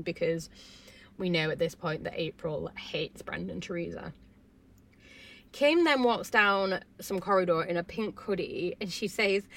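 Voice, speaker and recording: A woman talking casually to camera as she recaps a reality show. Her voice sits at an ordinary middle pitch. She is chatty and opinionated, reacting with feeling as she goes. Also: normal speed, pushed and bright. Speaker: vlogger recapping a reality TV episode.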